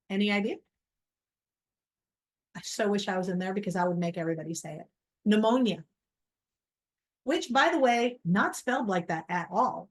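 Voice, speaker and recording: A middle-aged woman teaching a recorded college lecture over slides, casual and self-deprecating. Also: medium pitch. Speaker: college biology instructor.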